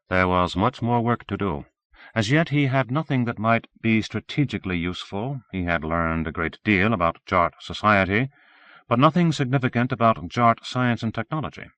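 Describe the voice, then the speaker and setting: Man narrating an audiobook, lowish voice, steady and even, dry close sound. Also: dry recording. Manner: steady, measured reading.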